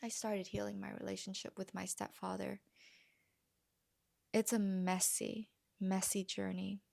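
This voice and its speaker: A woman coach speaking earnestly and gently to her viewers, often dropping to a soft near-whisper. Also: mid-range voice, flat delivery, measured pace, creaky. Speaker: vlogger and healing coach. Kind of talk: heartfelt personal talk to camera.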